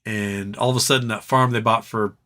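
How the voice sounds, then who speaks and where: A man's voice: lowish voice, fairly even intonation, fairly quick, bright, forceful tone. A man hosting a live stream in casual chat, rambling between topics and reading chat aloud, his voice tiring. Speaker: livestream host.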